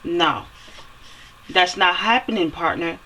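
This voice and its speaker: A woman giving a fiery, preachy opinion rant, repeating phrases for emphasis and swearing as she climbs to near-yelling. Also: on the low side, slow pace, poor audio. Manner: swears and rises to near-yelling when heated. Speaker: vlogger.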